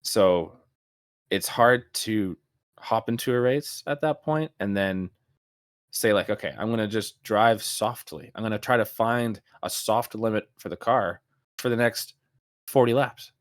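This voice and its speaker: A man co-hosting a podcast in casual chat, telling stories in an animated way with lots of restarts and fillers. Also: on the low side, measured pace, no echo, studio quality. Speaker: podcast co-host.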